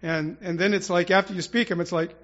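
A man's voice: high voice, fairly even intonation, a little fast, a bit bright, lo-fi sound. A man preaching an informal, rambling sermon to his congregation, with prayerful asides and restarts. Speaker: church speaker.

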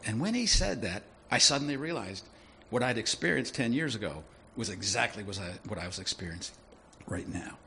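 A man preaching a sermon in a lively, conversational way, often asking his listeners questions. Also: on the low side, a little fast, gravelly, hardly any pauses, a little hiss or hum. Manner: animated, conversational, asks the audience questions.

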